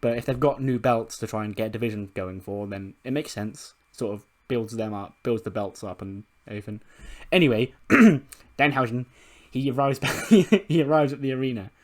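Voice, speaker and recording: A man's voice: medium pitch, normal speed. A man casually narrating a wrestling management game in a loose, rambling way, swearing freely. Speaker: let's play creator.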